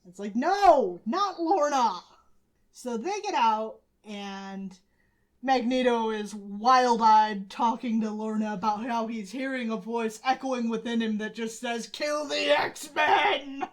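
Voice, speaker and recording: Higher-voiced woman retelling a comic. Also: measured pace. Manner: lively storytelling, swears, acts out quotes. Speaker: podcast co-host. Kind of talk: comic book recap banter.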